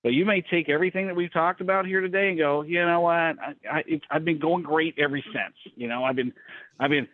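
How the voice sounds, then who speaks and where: A man's voice: a little fast, no echo. A man coaching small business owners on a call, telling a story bluntly and acting out quotes. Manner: blunt, animated, acts out quotes in a higher voice. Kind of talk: casual storytelling talk. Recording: tinny phone-like call line.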